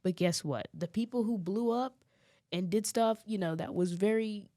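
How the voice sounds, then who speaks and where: Woman podcast host, mid-pitched, casual and emphatic, chatty delivery. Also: moderate pace. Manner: emphatic and animated, laughs often. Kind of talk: casual chat.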